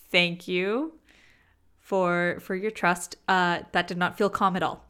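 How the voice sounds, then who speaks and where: A woman teaching self-help in a slow, deliberate way, with playful asides. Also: fairly low pitch, sharp tone, clear, resonant tone. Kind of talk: motivational teaching monologue.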